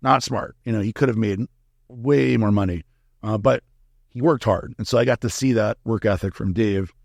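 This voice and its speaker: A middle-aged man talks candidly in an interview, swearing freely and acting out the lines of the people in his story. His voice sits low and crackles with fry. The sound is dry and close. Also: moderate pace, dry recording. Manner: candid, profane, acts out quoted dialogue. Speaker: guest, supplement company founder.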